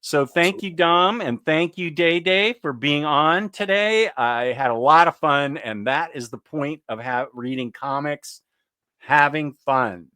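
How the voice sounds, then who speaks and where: A man hosting a laid-back comics show, his voice sitting a bit higher than most. He talks with eager enthusiasm, rambling and full of fillers. The sound is dry and close, with no room echo. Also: unhurried, sharp tone, smooth. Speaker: comics podcast host. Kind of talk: casual chat.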